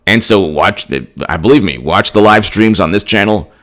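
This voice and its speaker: A man's voice: lowish voice, normal speed, fairly bright tone. A man giving an emphatic, rambling political commentary on his own channel, with frequent restarts. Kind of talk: solo political commentary vlog.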